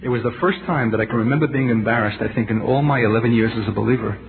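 A middle-aged man preaching a sermon, emphatic and intense, dropping to a hush and rising again, with rhetorical questions to the congregation. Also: mid-range voice, racing, vocal fry. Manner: intense, emphatic, swings between loud and hushed. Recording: tinny lo-fi tape with faint hiss.

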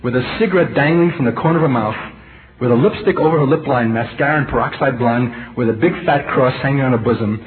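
A man's voice: mid-range voice, quick pace, crowd noise. Intense middle-aged male preacher, tinny recording. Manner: intense, emphatic, swings between loud and hushed; rhetorical questions to the congregation. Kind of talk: sermon. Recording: tinny lo-fi tape with faint hiss.

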